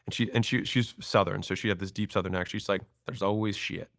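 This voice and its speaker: A man in his thirties, a podcast guest, telling stories and acting out quoted lines in an animated way. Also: deep voice, fast, no room sound, studio quality. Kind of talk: storytelling interview talk.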